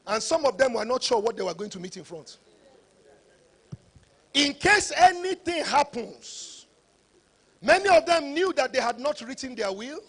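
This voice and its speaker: A man giving a motivational conference talk, preacher-like and rising to shouts for emphasis. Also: very high voice. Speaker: conference speaker.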